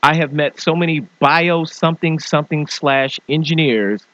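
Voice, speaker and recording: A man hosting a talk show, giving an animated motivational rant and mimicking people in funny voices. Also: a little high, moderate pace, no room sound, muffled recording. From small-town farming family. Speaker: show host.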